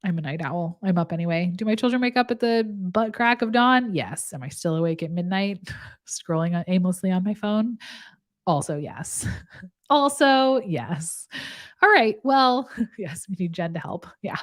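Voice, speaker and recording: A woman's voice: fairly low pitch, expressive, moderate pace. A woman nurse practitioner chatting casually with her viewers. She is talkative and laughs often in the middle of her sentences. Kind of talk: casual live chat with viewers.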